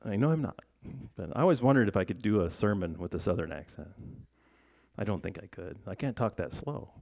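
A pastor with a deep, dark, expressive voice and noticeable vocal fry preaches briskly in church. He keeps it conversational and chatty, going through the text with his congregation, asking them questions, and restarting sentences often.

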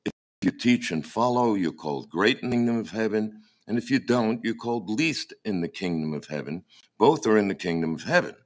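A man with a very deep, low-pitched voice delivers a sermon from the pulpit. He speaks emphatically, often stumbling and repeating words as he searches for the next thought. A dry, mocking humour runs through his preaching. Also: lively intonation, brisk. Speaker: pastor.

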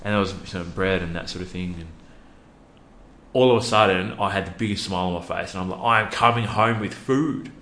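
A man's voice: low-pitched, steady tone, fast talker, a bit bright, reverberant. A man, a youth worker, telling a personal story earnestly with many fillers and restarts. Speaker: podcast guest, youth worker.

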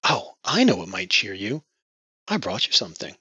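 A man's voice: lowish voice, very animated, normal speed, bright, forceful tone, husky, no echo, full character voice. A man doing a timid, sheltered young woman. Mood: earnest. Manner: earnest, startled questioning. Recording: dull lo-fi audio.

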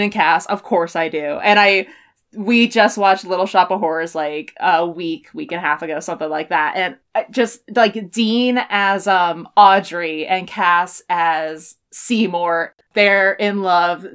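A woman's voice: medium pitch, fairly bright tone, clean tone. A young woman in a loose podcast conversation. She breaks into laughs often and swears casually. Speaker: podcast co-host. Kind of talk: casual chat.

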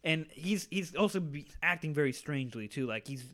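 A young man casually telling a story, animated and profane, acting out the voices of the people in it. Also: a little high, fairly quick.

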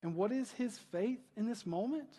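A man's voice: high-pitched, moderate pace, dark tone, breathy edge, big-room sound. A male pastor preaching a conversational sermon, asking rhetorical questions and often adding "right?".

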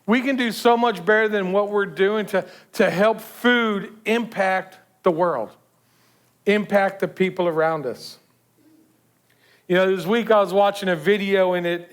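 A man's voice: sits high, fairly bright tone, clear, resonant tone. A man giving a casual sermon, telling a story and acting out the people in it, with many repeated words and restarts. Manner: conversational storytelling, acts out quoted voices. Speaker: preacher.

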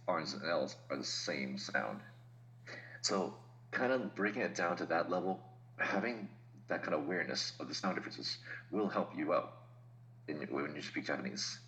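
A man's voice: low voice, a bit bright, slight background noise, poor audio. A man talking as a podcast guest in casual chat, explaining things patiently with laughs and asides.

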